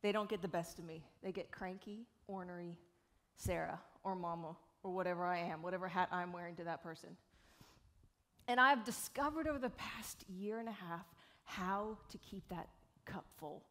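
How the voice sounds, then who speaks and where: A lowish-voiced woman speaking at normal speed gives a live keynote to an audience from an event stage, painting quickly as she talks. She's in her 40s, from South Carolina, USA, and comes across lively, jokey and frank, with casual swearing.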